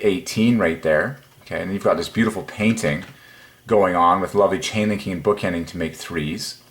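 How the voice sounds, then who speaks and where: A man hosting a religious video at his home desk, talking fervently to the camera and swinging between hushed musing and excited exclaiming. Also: sits low. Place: home desk by computer monitors.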